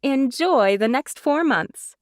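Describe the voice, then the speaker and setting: A woman's voice: high voice, expressive, slow pace, dry recording, studio quality, pitched above the performer's own voice. A woman doing bubbly young recruit Jenna. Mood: cheerful.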